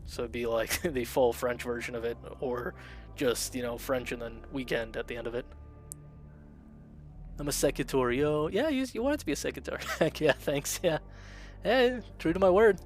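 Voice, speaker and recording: A man's voice: medium pitch, normal speed, soft background music. A man chatting casually on a game stream, rambling with lots of fillers and reading chat aloud. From Russian-speaking family, immigrated to America. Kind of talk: casual live-stream chat while gaming.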